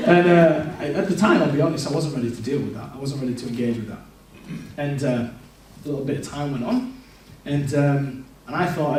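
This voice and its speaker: A man's voice: fairly high pitch, fairly quick, a crowd in the background. Man telling his story in an echoey hall. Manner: candid, storytelling, quotes his past self. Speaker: speaker giving a testimony. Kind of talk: personal testimony in a church service. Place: large echoey church hall. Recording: echoey church hall, distant mic.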